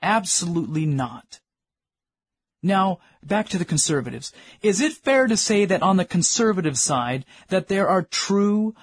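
A man's voice: high voice, breathy edge, dry recording, studio quality. A middle-aged man preaching a sermon, earnestly asking his congregation questions and calling them friends. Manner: addresses listeners as friends.

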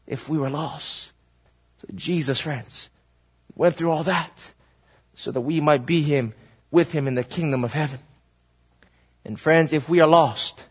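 A man's voice: fairly high pitch, slightly rough. A man preaching a dramatic, emphatic sermon, often calling his listeners "friends.". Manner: emphatic and dramatic, repeatedly addresses the audience as "friends".

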